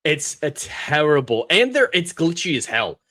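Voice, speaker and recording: A man's voice: a little high, very animated, measured pace, pushed and bright. A man co-hosting a casual podcast chat, ranting sarcastically and mimicking characters as he tells stories. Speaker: podcast co-host.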